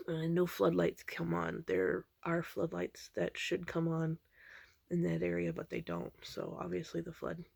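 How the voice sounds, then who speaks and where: A woman casually recounting a dream she had, rambling with many ums and restarts in a low-key way. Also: darkish tone, no room sound. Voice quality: gravelly vocal fry.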